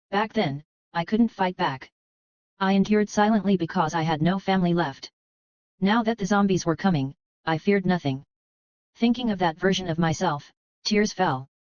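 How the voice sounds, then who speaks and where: A woman narrating a first-person story in a steady, even reading voice. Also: lowish voice, no echo, lo-fi sound. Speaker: audiobook narrator.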